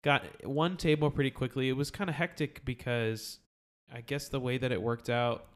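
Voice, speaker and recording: A young man hosting a casual podcast, telling work stories in a relaxed way with many fillers. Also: mid-range voice, normal speed, clean tone. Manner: relaxed storyteller, hedging with fillers. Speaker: podcast host.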